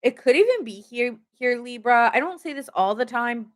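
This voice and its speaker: A woman's voice: fairly high pitch, lively intonation, normal speed. Chatty woman giving a tarot reading. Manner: chatty, lots of "like" fillers, talks straight to viewers. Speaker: tarot reader. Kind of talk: casual live tarot reading.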